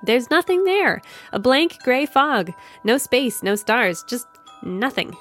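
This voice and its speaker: A woman's voice: on the high side, animated, slow, a bit bright, faint music behind, full character voice. A woman voicing a blunt, sarcastic male spaceship crewman in a storybook reading. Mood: angry. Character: blunt, guarded young male ship crewman.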